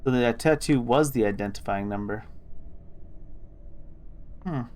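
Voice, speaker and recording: A man's voice: medium pitch, a little slow, a little mellow. A man streaming a video game, reading its story text aloud with musing asides.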